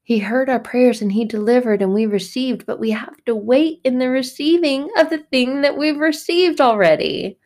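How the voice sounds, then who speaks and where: A woman's voice: high-pitched, normal speed, few pauses, a little mellow. A woman giving a casual spiritual monologue, speaking emphatically and bluntly, with repetitive phrasing. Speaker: faith vlogger.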